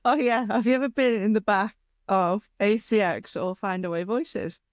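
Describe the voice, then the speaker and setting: A woman's voice: mid-range voice, normal speed, no room sound, studio quality. A woman co-hosting a casual podcast, laughing often and explaining things in an informal way. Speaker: podcast co-host.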